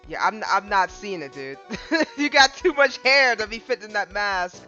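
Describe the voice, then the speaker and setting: A woman's voice: medium pitch, animated, moderate pace, bright, forceful tone, dull audio. A woman streamer giving casual, laid-back commentary while playing a game, with slangy asides. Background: game music.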